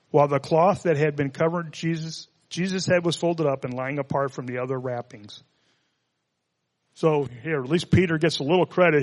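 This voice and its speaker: A man's voice: fairly high pitch, in a large hall. A man preaching a sermon, reading scripture and adding conversational, joking asides. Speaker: pastor.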